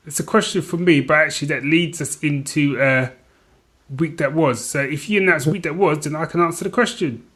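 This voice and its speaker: A man's voice: a little high, brisk, a bit bright, slightly rough. A man in his forties co-hosting a casual podcast, rambling and self-deprecating as he talks. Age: 40s. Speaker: podcast co-host. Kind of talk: casual chat.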